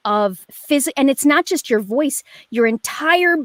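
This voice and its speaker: A woman's voice: high voice, unhurried, no echo. Chatty, rambling woman on a video call. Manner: animated storyteller, rambling with many fillers. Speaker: guest performer. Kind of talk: casual chat.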